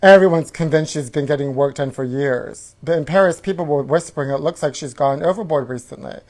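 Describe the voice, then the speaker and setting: This comedy host has a fairly high, slightly mellow voice and talks fairly quickly. He reads tabloid headlines in a campy, catty, sassy style, gasping in mock outrage and repeatedly addressing his listener as honey.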